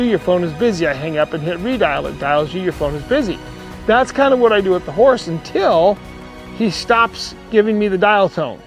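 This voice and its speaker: A man with a high voice teaches horse training in a plainspoken way. He repeats phrases and speaks the horse's thoughts aloud. Soft music plays faintly under him. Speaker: horsemanship clinician. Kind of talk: outdoor teaching monologue.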